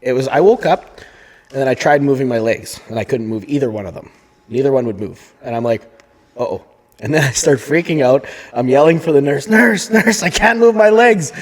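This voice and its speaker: A man co-hosting a podcast, telling stories in an animated, casual way and swearing freely. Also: mid-range voice, fairly quick. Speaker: podcast co-host. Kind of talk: casual chat. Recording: long hall reverb.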